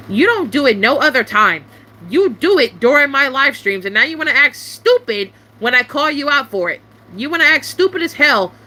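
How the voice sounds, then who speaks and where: Irritated woman venting with bright voice. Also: fairly high pitch, a little hiss or hum. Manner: irritated, swearing often, sharp rising outbursts. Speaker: YouTuber venting to camera. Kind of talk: casual venting monologue.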